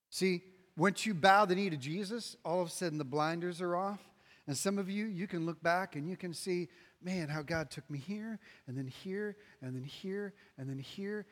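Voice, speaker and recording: High-voiced preacher in a reverberant hall. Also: male voice. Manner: emphatic, repetitive preaching with sudden loud and soft swings. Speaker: pastor. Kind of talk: sermon. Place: large room with an audience.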